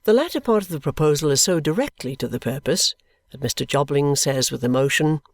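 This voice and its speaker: An audiobook narrator reading a classic novel in a measured, even way. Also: medium pitch, no room sound.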